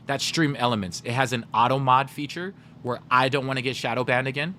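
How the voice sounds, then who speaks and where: A man's voice: mid-range voice, a little fast, sharp tone, a little hiss or hum. A man streaming live, chatting casually with his viewers and telling stories straight to chat. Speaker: gaming livestreamer.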